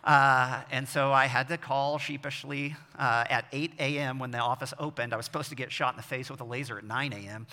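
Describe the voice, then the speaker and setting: A man in his forties preaching a sermon as pastor, telling self-deprecating stories with animated delivery. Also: mid-range voice, brisk, hardly any pauses. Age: 40s. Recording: long echo of a large hall.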